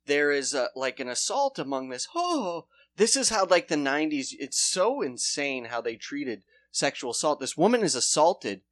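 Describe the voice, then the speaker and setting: An animated podcast co-host whose pitch swings all over the place. They recap an old TV show in a loose, comedic way and keep breaking into high-pitched impressions of the characters. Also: normal speed, hardly any pauses.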